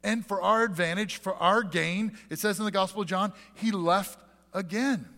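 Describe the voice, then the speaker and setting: A man in his forties preaches from the pulpit with an earnest, questioning manner. His voice sits fairly high and rings bright and forceful. The long reverb of the sanctuary trails after each phrase. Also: normal speed. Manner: earnest, with many rhetorical questions. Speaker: pastor. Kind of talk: sermon. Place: church sanctuary.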